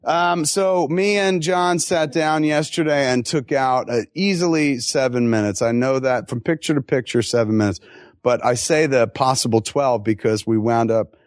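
A man answering audience questions at a live Q&A, telling stories in an animated, profane way with quick asides and acted-out quotes. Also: mid-range voice, dry recording, studio quality. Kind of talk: live Q&A storytelling.

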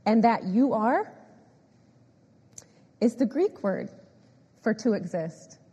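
A woman preaching a sermon, animated and emphatic, repeating phrases and often laughing. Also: fairly high pitch, slow pace, husky. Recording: echoey hall with long reverb.

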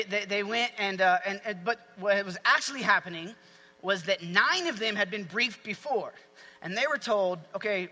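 A man delivers a sermon with animated energy, breaking into acted-out shouts. His voice sits high and sounds very bright. The sound carries a long hall reverb. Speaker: preacher.

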